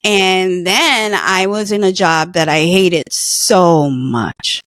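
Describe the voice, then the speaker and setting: A woman's voice: lowish voice, slow, fairly bright tone, no echo, clean studio sound. A middle-aged woman earnestly telling a personal story in conversation, emotional at times. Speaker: guest, former patient.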